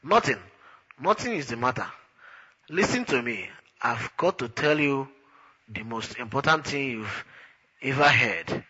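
A man's voice: medium pitch, expressive, unhurried, long pauses, bright, forceful tone, slightly rough, highs cut off, heavily acted. A man voicing an urgent, insistent friend who keeps pressing his point. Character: urgent, distracted male friend, adult.

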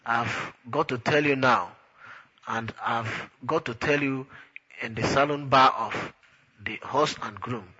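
A man's voice: mid-range voice, slow pace, bright, forceful tone, husky, dull audio, heavily acted. A man doing an urgent, distracted friend. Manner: urgent, insistent.

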